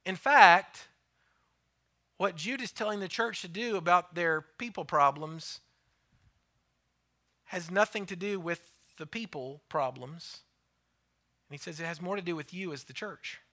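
A man's voice: high-pitched, measured pace, long pauses, bright, forceful tone. A man preaching a sermon in a church, emphatic and repetitive, sometimes dropping his voice to near a whisper.

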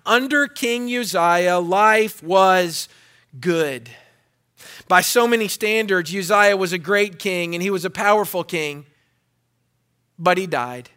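Male pastor, high voice, bright tone, sermon, repetitive emphatic preaching. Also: slow, clear, resonant tone. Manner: preaching with repetition, rising to loud emphasis and dropping to hushed tones.

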